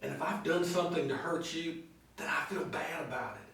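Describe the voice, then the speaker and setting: A male pastor delivering a sermon, telling stories and slowing down on key phrases. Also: fairly high pitch, a bit bright. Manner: storytelling preacher, slow emphatic phrases, acts out quoted voices. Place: church sanctuary. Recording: echoey hall, mic at a distance.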